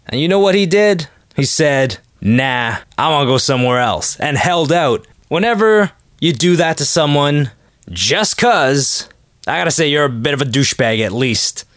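A man's voice: fairly high pitch, expressive, moderate pace, fairly bright tone, no echo, studio quality. A man hosting a podcast, rambling in a joking, casual monologue and acting out quotes in little voices. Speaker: podcast host.

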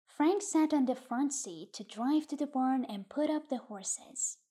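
A woman narrating a literary short story in a calm, measured audiobook reading. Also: high voice.

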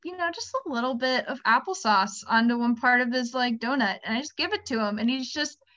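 A young woman talks as a guest on a video call, spinning animated stories and slipping into playful voices. Her voice sits fairly high. The audio comes through dull and lo-fi. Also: brisk. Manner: animated storyteller, acts out kids' voices with laughs. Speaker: guest, speech therapy clinician. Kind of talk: casual chat.

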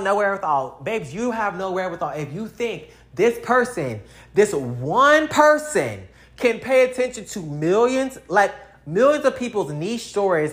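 A woman in a casual vlog rant, speaking at a middling pitch. She is blunt and swears freely, piling on slang as she talks straight to her viewers. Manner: blunt, profane, slangy ranting. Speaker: vlogger.

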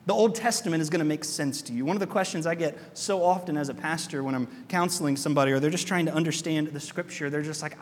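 A man pastor preaching a sermon in a church, animated, asking his congregation rhetorical questions. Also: a little high, fast talker, few pauses, big-room sound, a little hiss or hum.

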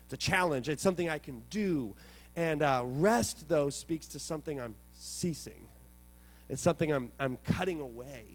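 A man with a fairly high voice preaches to his congregation, telling stories with plenty of animation. He drops to quiet reflection, then surges into loud excitement. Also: moderate pace. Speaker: pastor. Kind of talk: sermon.

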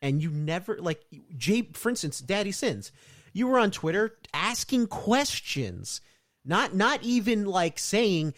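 A man with a somewhat high voice talks on a casual podcast. He reads out news items one after another and drops sarcastic asides between them. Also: very animated, normal speed, fairly bright tone. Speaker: podcast co-host.

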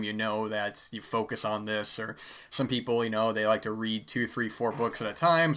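A man's voice: on the low side, pushed and bright. A man hosting a solo podcast, talking casually and rambling with many fillers, his throat a little dry. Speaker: podcast host.

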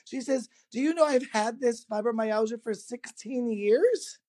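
A man, a guest in an interview, telling a personal anecdote in a lively, casual way, laughing often and acting out the quoted dialogue. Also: extremely high pitch, measured pace. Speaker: interview guest, energy healer.

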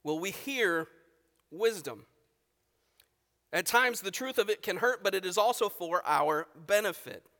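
Pastor, male, 30s: high, bright, emphatic delivery, church hall reverb. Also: lively intonation, a little slow, long pauses. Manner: emphatic preaching with dramatic swings in volume. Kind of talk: sermon. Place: church sanctuary.

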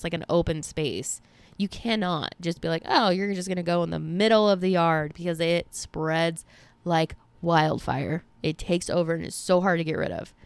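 Chatty young woman with a smooth voice. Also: fairly low pitch, dry recording. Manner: chatty, swears casually, lots of "like" fillers. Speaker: podcast host. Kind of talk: casual storytelling.

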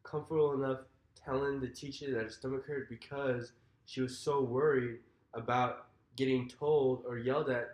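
A man co-hosting a casual podcast chimes in with his own remarks and laughs along. His voice sits in a middle pitch, and the room gives it a noticeable echo. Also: steady tone, normal speed, darkish tone. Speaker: podcast co-host. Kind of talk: casual conversational chat.

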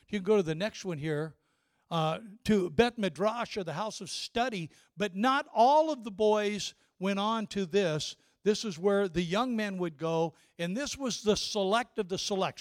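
Older male preacher, high voice. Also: dry recording, studio quality. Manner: storytelling, repeats words and restarts often. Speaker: pastor. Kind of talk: sermon.

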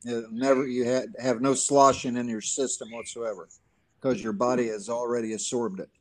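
Southern man explaining in halting speech. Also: medium pitch, steady tone, darkish tone. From Alabama, US. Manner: halting, many uhs, explains water health claims. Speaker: guest. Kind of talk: casual podcast chat.

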